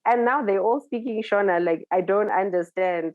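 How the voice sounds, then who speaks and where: A woman DJ, the guest of a live interview, tells an anecdote with bright, animated energy. Her voice sits in a middle range. The recording is dry and a little dull, with little room sound. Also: mid-range voice, normal speed, hardly any pauses, no echo. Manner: lively, acts out the voices of people she quotes.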